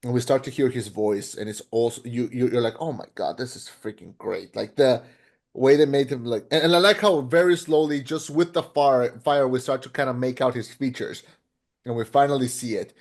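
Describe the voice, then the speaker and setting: A man co-hosting a podcast, chatting casually about a film, animated and rambling with lots of restarts and fillers. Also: mid-range voice, a little fast. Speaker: podcast co-host. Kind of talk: casual film review chat.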